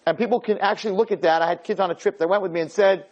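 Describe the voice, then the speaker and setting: A rabbi giving a Torah lecture to a live audience in a room. He speaks emphatically, repeats his points and swings his pitch up and down. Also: fairly even intonation, rapid-fire, few pauses, a little mellow, dull audio.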